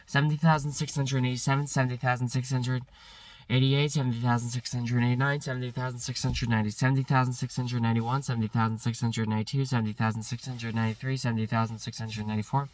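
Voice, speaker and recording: A man's voice: mid-range voice, level tone, far from the mic. A man counting numbers aloud in a long solo stream, rattling them off by rote and correcting his slips. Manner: rapid rote counting with slips, self-corrections and bursts of swearing frustration.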